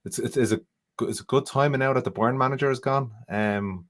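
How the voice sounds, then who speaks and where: A man's voice: mid-range voice, brisk. A man co-hosting a football podcast, easygoing and rambling as he gives his opinions. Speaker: podcast co-host. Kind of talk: casual chat.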